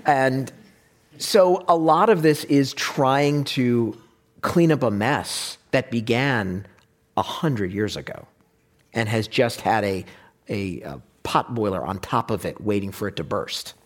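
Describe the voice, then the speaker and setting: In a casual discussion, a man with a mid-range voice talks a little slowly, animated and wry. Now and then he drops into mock voices to drive a point home.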